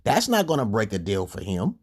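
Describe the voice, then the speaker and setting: A man rants on a livestream in a husky, breathy voice. He rambles and swears freely, and his pitch swoops high whenever he gets worked up. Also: wildly swooping pitch, fairly quick. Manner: rambling, crude, jumps to high pitch when heated. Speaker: livestream host. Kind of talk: profane livestream rant.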